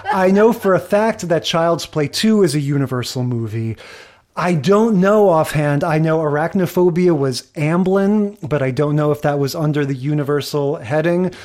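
Podcast guy w a slightly high voice, chatty, nerdy little theories, rambles off on tangents. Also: normal speed, a little mellow. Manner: chatty, analytical, prone to tangents. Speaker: podcast co-host. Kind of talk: casual chat.

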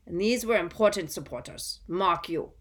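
A woman's voice: lowish voice, animated, normal speed, a bit bright. A woman voicing a frightened, unctuous middle-aged male prisoner pleading before a council in a storybook reading. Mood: breathless, eager.

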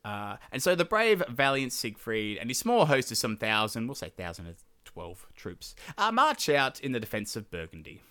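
A man hosting a solo podcast, retelling an old legend with swearing and rambling asides. His voice is bright and forward, and his pitch swings around with lively energy. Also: moderate pace. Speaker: podcast host. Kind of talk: casual comedic retelling of a legend.

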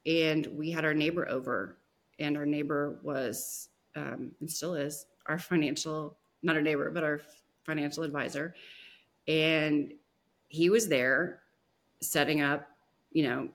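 A woman guest on a podcast, telling a personal story in a soft, emotional way with many pauses and restarts. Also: sits low, steady tone.

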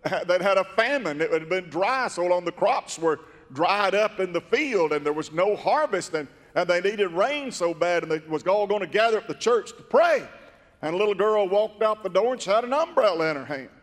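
A man preaching a fervent sermon, telling stories and rising to emphatic shouts, in a church. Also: high voice, lively intonation, normal speed. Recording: long reverb of a large hall.

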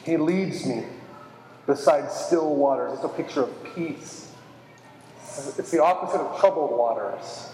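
A man's voice: on the high side, a little slow, a crowd in the background. A man preaching a sermon, earnest and emphatic, repeating key phrases and adding self-deprecating asides. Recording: reverberant hall.

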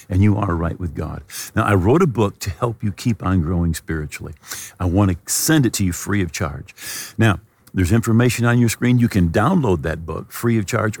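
A man's voice: deep voice, creaky, husky, in a large hall. A man preaching a television sermon, telling a personal story and leading viewers in prayer. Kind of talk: sermon with altar call.

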